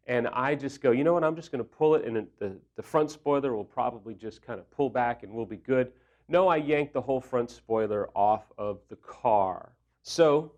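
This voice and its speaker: Guy telling a candid embarrassing story, mid-pitch voice, self-deprecating, coachy advice after. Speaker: recovery coach. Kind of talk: personal storytelling talk.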